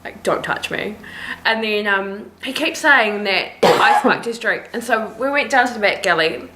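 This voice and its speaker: A woman's voice: medium pitch, normal speed, reverberant, noisy background. A young woman from New Zealand with a New Zealand accent, chatting casually as a flight attendant co-host and acting out the voices in her stories. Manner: animated storyteller acting out dialogue. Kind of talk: casual chat, storytelling.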